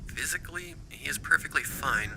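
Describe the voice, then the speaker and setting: A man's voice: medium pitch, expressive, normal speed, gravelly, bright, forceful tone, a little hiss or hum, voice pushed up, full character voice, poor audio. A man voicing a curt woman calling from a school, who smacks her lips and speaks clipped and pointed. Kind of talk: horror story reading.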